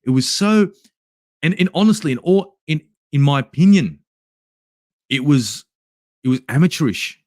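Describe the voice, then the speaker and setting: A man's voice: on the high side, lively intonation, moderate pace, long pauses, darkish tone, no echo, studio quality. An Australian man hosting a football channel, angrily ranting through a match review with plenty of swearing. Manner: angry, swearing, exasperated ranting. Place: home in Sydney at night.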